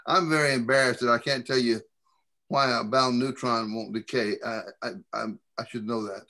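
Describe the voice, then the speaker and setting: A man's voice: mid-range voice, fairly even intonation, normal speed, bright, forceful tone. Hesitant older man on a call. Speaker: audience member. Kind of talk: casual Q&A on a video call.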